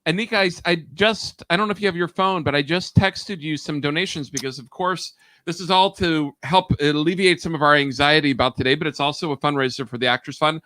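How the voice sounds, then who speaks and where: A man hosting a livestream fundraiser, brisk and enthusiastic as he brings on guests. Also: on the high side, sharp tone, no room sound. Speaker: host.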